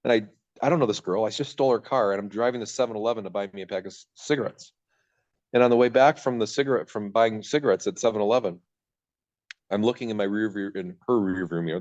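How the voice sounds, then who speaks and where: A man's voice: lowish voice, a little mellow. A man in his thirties from Michigan, telling his own story as a podcast guest, rambling and cutting himself off as he acts out his old thoughts. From Michigan, USA. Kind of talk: candid storytelling in a podcast interview. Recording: dull lo-fi sound.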